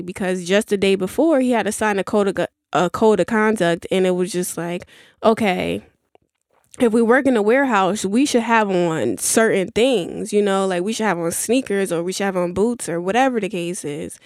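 A woman's voice: mid-range voice, no echo, studio quality. Chatty young woman rambling through a story. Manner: chatty, rambling, with many fillers and asides. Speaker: podcast host. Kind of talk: casual storytelling monologue.

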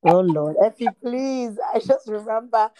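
A woman's voice: a little high, animated, unhurried, mellow, dry recording. A woman hosting a casual chat, chiming in often with short affirmations.

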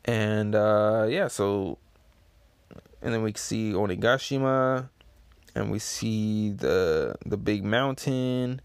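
A man's voice: lowish voice, takes it slowly, clean tone, no room sound. A man casually reading through and reviewing a comic chapter, rambling with lots of fillers.

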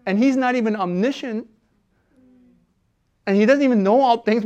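A man preaching a sermon as a pastor. He talks conversationally with fillers, and swings between loud, emphatic preaching and soft, low asides. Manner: conversational, with fillers and self-corrections.

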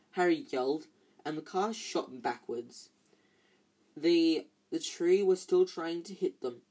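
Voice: mid-range voice, mellow. An amateur reader, tired, reading a novel aloud with frequent slips and restarts. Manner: stumbles and restarts often, tired.

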